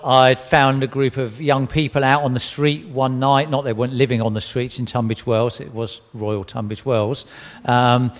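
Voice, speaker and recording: A man giving an earnest, emotional personal testimony, often restarting his sentences. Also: mid-range voice. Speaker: church member giving testimony. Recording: long hall reverb.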